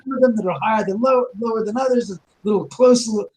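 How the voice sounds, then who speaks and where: A man's voice: high-pitched, fast talker, a little mellow, slight background noise, low-quality recording. A man casually telling a ghost story about his house, rambling with restarts and acting out quoted dialogue.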